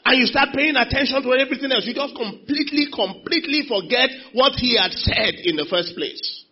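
A preacher giving a sermon in a church, calling on the congregation for responses and swinging from quiet asides to loud exclamations. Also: male voice, extremely high pitch, a little fast, husky. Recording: dull lo-fi sound.

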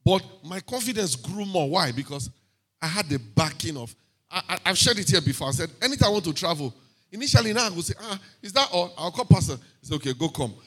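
A man with a Nigerian accent giving a sermon testimony in church, lively and sprinkled with hallelujahs and pidgin asides. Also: high-pitched, fast talker, breathy edge. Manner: lively, punctuated by frequent hallelujahs and amens. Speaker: preacher sharing a testimony.

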